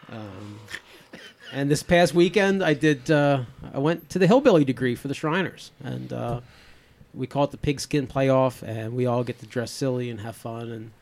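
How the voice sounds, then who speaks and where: Casting note: man, 50s, podcast host, casual and rambly, average pitch. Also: normal speed, a little mellow. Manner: rambling, many restarts and fillers. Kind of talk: casual chat.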